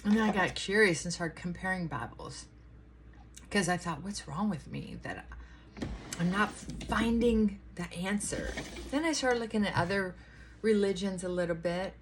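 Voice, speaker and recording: A woman's voice: on the low side, expressive, moderate pace, slight background noise. A middle-aged woman chatting casually to her viewers in her bedroom, rambling with asides to her dog. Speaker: vlogger. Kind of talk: casual morning chat.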